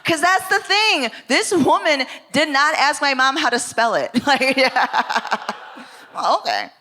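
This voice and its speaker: A woman's voice: high-pitched, a little slow. Chatty young woman telling comic stories. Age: young adult. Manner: animated, chatty, self-deprecating, lots of asides. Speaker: storyteller at a live story slam. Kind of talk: comic stand-up storytelling. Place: stage before a live audience.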